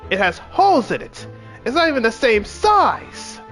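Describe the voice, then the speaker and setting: A man putting on a pompous gentleman detective. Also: extremely high pitch, big pitch swings, moderate pace, soft background music, voice pushed up, heavily acted. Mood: lofty. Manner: theatrical, lofty, formal diction. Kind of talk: reading game dialogue aloud in voices.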